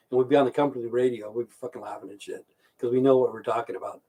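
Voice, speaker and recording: A man's voice: medium pitch, fairly even intonation, a little fast, darkish tone, slightly rough. Rambling, foul-mouthed man telling stories. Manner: swears constantly, rambling storyteller; reads out chat viewer names. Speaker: live stream host. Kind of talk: rambling casual livestream chat.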